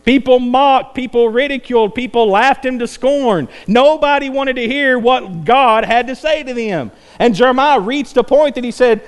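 A man preaching a sermon, climbing to intense peaks and then dropping low and quiet. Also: normal speed, few pauses, clean tone. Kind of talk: evening sermon.

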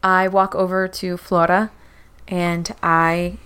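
A woman's voice: lowish voice, flat delivery, takes it slowly, fairly bright tone, clear, resonant tone. A woman playing a tabletop game, thoughtfully describing her character's actions. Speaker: player.

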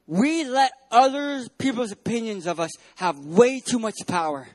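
A male pastor preaching a sermon at a church service, emphatic, swinging between loud and hushed delivery. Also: very high voice, normal speed.

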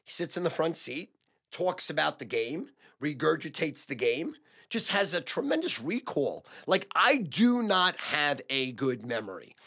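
Loud, gravelly, brash older man. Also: fairly high pitch, very animated, measured pace. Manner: loud, profane and emphatic, repeating phrases for punch. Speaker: sports gambling advisor and show host. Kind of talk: casual monologue to camera.

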